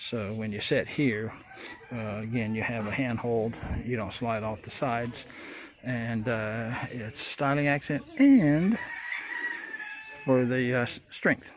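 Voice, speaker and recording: A man's voice: mid-range voice, slow pace. A man giving a casual, rambling walkthrough of his boat-building work in an open-air workshop, with many fillers and folksy asides. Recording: dull lo-fi audio, loud roosters and traffic.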